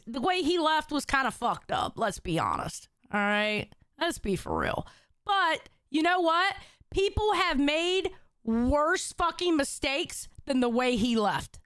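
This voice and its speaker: A woman's voice: sits high, a bit bright, no echo. A woman in her forties hosting a livestream, talking bluntly and with lots of swearing as she reads the chat. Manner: blunt, profane, emphatic. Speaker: show host reading chat.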